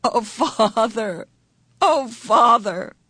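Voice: mid-range voice, animated, unhurried, fairly bright tone, no echo, clean studio sound, pitched above the performer's own voice. A narrator voicing a desperate, determined young teenage girl who pleads and cries out urgently in an audiobook. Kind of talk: audiobook character voice.

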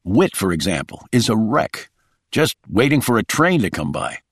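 A man's voice: lowish voice, very animated, moderate pace, dry recording, studio quality. A man playing a blunt, cool male security operative who delivers clipped critiques. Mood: cold.

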